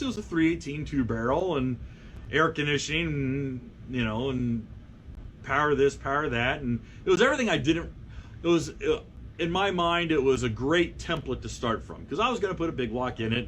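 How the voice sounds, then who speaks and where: A man at a middle pitch swaps a relaxed shop-talk story, wandering through ums and restarts and slipping into animated quoted voices. A faint hiss sits under his voice. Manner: rambling, with fillers and lively acted quotes. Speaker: car magazine editor. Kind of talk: casual anecdote storytelling.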